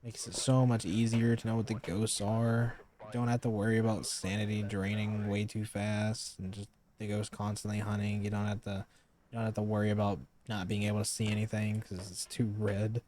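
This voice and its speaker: A man's voice: lowish voice, completely flat delivery, moderate pace, a little mellow, a little hiss or hum. A man streaming a game live, chatting casually, calling out to the ghost and grumbling about game updates. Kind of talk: casual live gameplay commentary.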